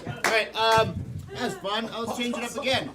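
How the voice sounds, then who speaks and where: A man's voice: very high-pitched, steady tone, moderate pace, loud music behind the voice. A man hosting a live improv comedy show, taking suggestions from the audience with many ums. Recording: live show with crowd laughter.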